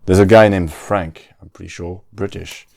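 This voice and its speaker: A man's voice: deep voice, fairly even intonation, moderate pace, gravelly, darkish tone, no room sound, clean studio sound. A man, hosting a casual solo podcast, often stopping to search for words and restarting his sentences. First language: French. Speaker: podcast host.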